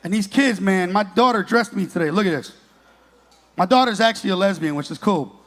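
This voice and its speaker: A man's voice: high-pitched, a little fast. A man in his late thirties doing a profane stand-up comedy set on a club stage, teasing the crowd. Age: 30s.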